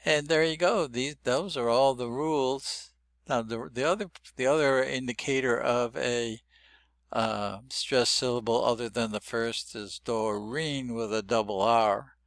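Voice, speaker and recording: Slow, smooth older male teacher. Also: mid-range voice, fairly bright tone, no room sound. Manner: rambling, explanatory, frequent restarts. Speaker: phonetics teacher. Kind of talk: unscripted tutorial.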